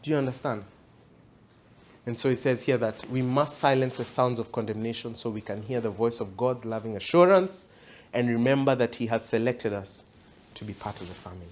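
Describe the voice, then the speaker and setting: A man delivers a sermon with emphatic, repeated appeals to his listeners. His pitch sits in an ordinary middle range. He speaks at a church event. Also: brisk, a little hiss or hum. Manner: emphatic, repeats questions to the audience. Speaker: preacher.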